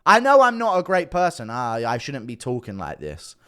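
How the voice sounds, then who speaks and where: A man's voice: mid-range voice, wildly swooping pitch, normal speed, a bit bright, clear, resonant tone. A man ranting casually as an online commentator, defensive and sarcastic, swearing often. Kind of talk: casual rant to camera.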